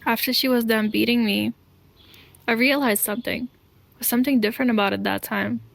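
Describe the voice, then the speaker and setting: A woman telling her own life story to camera in an earnest, deliberate way, pausing between short phrases. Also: a little high, fairly even intonation, gravelly, dry recording. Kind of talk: slow confessional storytelling.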